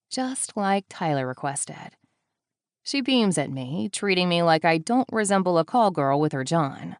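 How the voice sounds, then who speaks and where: Woman narrator, lowish voice, wry and deadpan, dry close studio sound. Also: a little slow, no echo. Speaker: audiobook narrator. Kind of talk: first-person audiobook narration.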